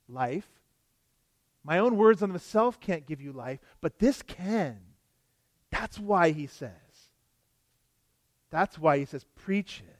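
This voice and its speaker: A man's voice: high-pitched, dry recording. A male pastor delivering an expository sermon, earnest and emphatic, often asking the congregation rhetorical questions.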